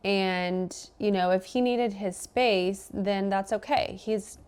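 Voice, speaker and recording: A woman's voice: medium pitch, steady tone, slow, a little mellow, clear, resonant tone. A young adult woman, a podcast guest, telling a personal story in casual chat and acting out both sides of the conversation.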